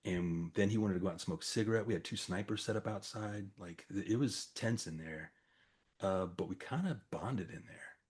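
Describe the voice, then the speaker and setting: Middle-aged man with a low, husky voice, telling a story in relaxed conversation. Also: normal speed. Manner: conversational, acts out quoted dialogue, frequent fillers. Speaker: storyteller recounting a campus crisis. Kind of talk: casual spoken storytelling to a small audience.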